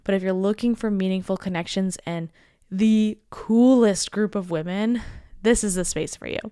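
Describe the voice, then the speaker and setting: A woman's voice: mid-range voice, normal speed, warm tone, smooth, no echo, clean studio sound. A young adult woman hosting a solo podcast, speaking in an earnest, heartfelt and enthusiastic way. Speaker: podcast host.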